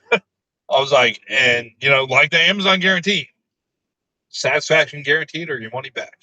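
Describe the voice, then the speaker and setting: A man telling crude work stories in casual chat, laughing often and delivering his own quoted replies deadpan. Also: fairly high pitch, moderate pace, lo-fi sound.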